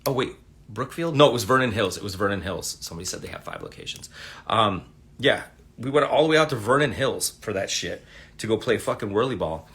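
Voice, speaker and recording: Bright-voiced man rambling through a story. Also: fairly low pitch, lively intonation, brisk. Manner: rambling, profane, laid-back. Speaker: livestream host. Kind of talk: casual storytelling. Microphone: phone livestream.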